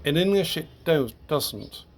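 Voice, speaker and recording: A man teaching Spanish grammar to English speakers, explaining step by step, halting and correcting himself as he goes. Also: a little high, lively intonation. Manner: slow, halting, with restarts and self-corrections.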